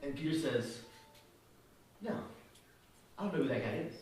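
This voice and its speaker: Animated preacher in an echoey hall. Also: male voice, mid-range voice, normal speed, distant mic. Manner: animated storytelling with voiced quotes and asides. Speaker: pastor. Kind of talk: sermon. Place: church hall.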